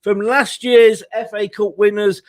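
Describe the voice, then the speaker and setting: Man, live-stream host, chatty, jokey, laughs a lot, fairly high voice. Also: flat delivery, unhurried. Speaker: host of a football fan channel. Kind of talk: casual live-stream chat.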